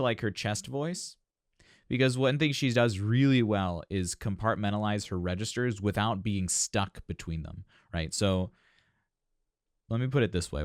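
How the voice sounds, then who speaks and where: A man's voice: fairly low pitch, no room sound, studio quality. A man working as a vocal coach, reacting to a song and explaining singing technique in an analytical, thinking-aloud way. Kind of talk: music reaction commentary.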